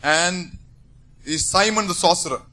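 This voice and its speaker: Guy preaching, high voice, gets loud and forceful in bursts. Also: unhurried. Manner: emphatic, rising to forceful bursts. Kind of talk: sermon.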